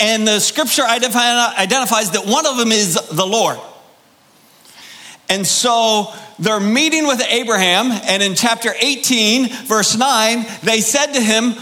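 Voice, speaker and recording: A man preaching a sermon, emphatic and deliberate, firing rhetorical questions at his congregation. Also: very high voice, bright, forceful tone. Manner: drawn-out, deliberate delivery with pauses. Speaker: pastor.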